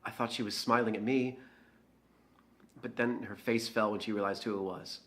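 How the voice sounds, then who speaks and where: A man's voice: lowish voice, fairly even intonation, moderate pace, lightly acted. An actor playing a bitter, jealous young man who has been drinking, confessing in a dramatic monologue for an audio drama. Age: young adult. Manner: sullen, defensive confession.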